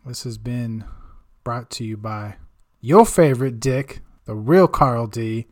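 A man's voice: mid-range voice, slow, a little mellow. Swearing, rambling male podcast host. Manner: rambling, swears a lot, self-mocking. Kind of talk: casual profane monologue.

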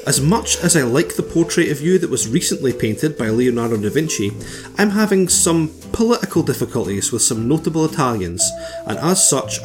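A man's voice: mid-range voice, lightly acted. A man voicing a pompous, woman-scorning sixteenth-century English king, grandly reading out a comedic letter in character.

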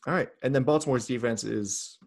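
A man's voice: mid-range voice, brisk, vocal fry. A man hosting a casual fantasy football chat, running down the player list and teasing his co-host in a playful way. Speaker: podcast host.

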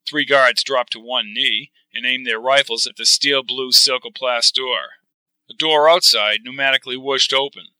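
Bright, dry male sci-fi reader. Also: medium pitch, steady tone, moderate pace, clean tone, dry recording, low-quality recording. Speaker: narrator. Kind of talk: reading a sci-fi novel aloud.

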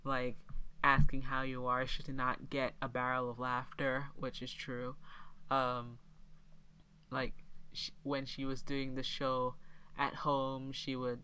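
A woman with a strikingly deep voice recaps a film in casual podcast talk, taking her time. She laughs often and acts out the characters as she goes. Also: slow, smooth, low-quality recording. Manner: laughs often, animated retellings.

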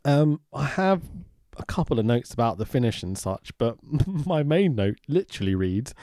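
A man chats loosely as a podcast co-host, swearing freely and breaking into laughter. His pitch swings widely from low mutters to high bursts. The sound is dry and close. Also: moderate pace, hardly any pauses, dry recording. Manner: excitable, sweary, laughs often. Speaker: podcast co-host recapping wrestling. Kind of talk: casual chat.

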